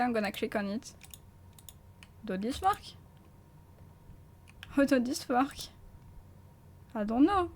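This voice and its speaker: A woman with a French accent giving live gameplay commentary as a streamer, jumpy and stammering, swearing and laughing often. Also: high-pitched.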